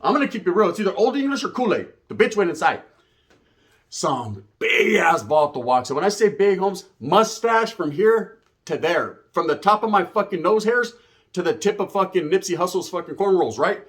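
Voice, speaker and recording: A man's voice: high-pitched, big pitch swings, normal speed, a bit bright. A man telling a rambling, profane hood story full of slang. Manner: rambling, swearing, slang-heavy. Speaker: comedic storyteller.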